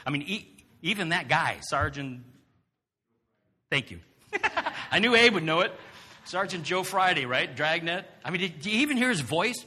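A man preaching a sermon in an animated way, throwing rhetorical questions to the congregation. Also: high-pitched, moderate pace, long pauses, breathy edge, in a large hall.

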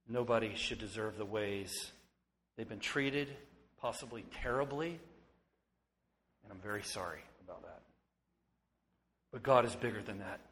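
A middle-aged pastor delivers his sermon, his voice sinking hushed and tender, then lifting loud and excited. His words ring out in a long reverb across the sanctuary. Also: medium pitch. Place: church sanctuary.

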